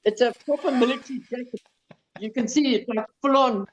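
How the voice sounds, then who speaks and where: A man with a South African accent, casually telling a story on a podcast, animated, swearing and stumbling over his words. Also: very high-pitched, a little fast. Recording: slightly dull lo-fi sound.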